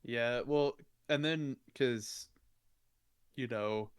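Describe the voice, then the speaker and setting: A man's voice: medium pitch, drawn-out words, smooth. A young man in his twenties co-hosting a podcast, retelling movie scenes in an easygoing way. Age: 20s. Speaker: podcast co-host. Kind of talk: casual film review chat.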